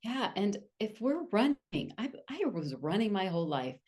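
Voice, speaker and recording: A woman's voice: medium pitch, very animated, moderate pace, darkish tone. Candid woman author as an interview guest. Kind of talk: casual interview chat.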